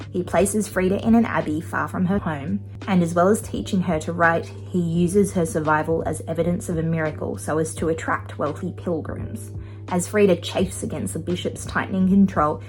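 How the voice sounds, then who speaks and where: Young aussie woman chatting about bookshops, bit low voice, soft music under it. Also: low-quality recording. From Australia. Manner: chatty, musing, laughs easily. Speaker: book vlogger. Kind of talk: casual vlog narration.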